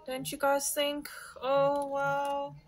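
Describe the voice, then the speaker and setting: A woman vlogging a craft subscription box unboxing, gushing with excitement and talking straight to her viewers. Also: high-pitched, slow, rough recording. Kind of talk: casual unboxing chat to viewers.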